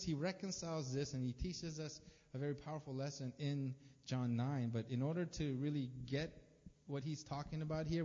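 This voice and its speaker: A man's voice: medium pitch, dark tone. A man preaching a sermon in a casual, conversational way, with plenty of fillers. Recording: dull, lo-fi sound with long reverb.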